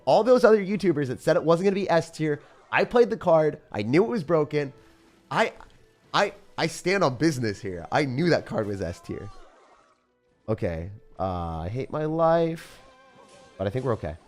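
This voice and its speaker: A young man giving live gameplay commentary as a YouTuber, excitable and dramatic, swinging between outbursts and self-pity. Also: a little high, moderate pace, soft background music. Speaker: gaming YouTuber.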